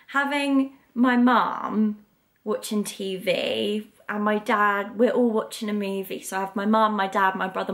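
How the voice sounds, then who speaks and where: A woman, chatting casually to camera in a vlog and gushing when she gets excited. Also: a little high. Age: 20s. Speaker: vlogger.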